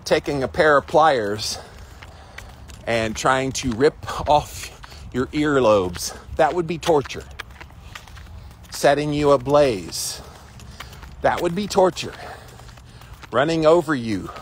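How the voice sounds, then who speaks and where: A man's voice: mid-range voice, sing-song, slow pace, pauses often, slight background noise. A man hosting a casual livestream outdoors, talking emphatically and greeting viewers by name, with chickens clucking nearby. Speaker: livestream host.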